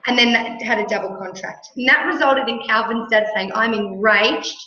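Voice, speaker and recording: A middle-aged Australian woman coaching with emphatic, animated talk, often checking in with her listener. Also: on the high side, a little fast, a little hiss or hum. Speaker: mentor and coach. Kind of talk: motivational coaching chat. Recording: echoey room, dull lo-fi sound.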